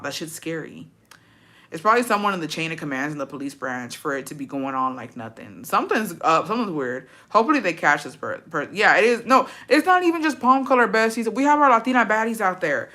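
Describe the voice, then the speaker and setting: A woman chatting casually and bluntly with her viewers, swearing freely and breaking into animated outbursts. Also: fairly low pitch. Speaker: streamer reacting to chat. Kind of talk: casual profane chat.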